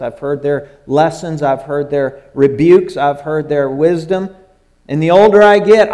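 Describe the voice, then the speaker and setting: An older pastor delivers a sermon in a repetitive cadence, his phrases sinking low and soft at their ends. When he jokes with the congregation he turns lively and self-deprecating.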